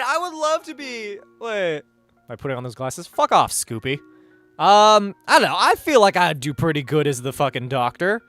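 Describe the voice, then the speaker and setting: A young-sounding man talks loosely into a streaming mic, his pitch bouncing up and down as he rambles. He hesitates often, swears casually and reacts to chat. Faint music plays behind him. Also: a bit bright, no echo. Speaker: livestreamer reading chat.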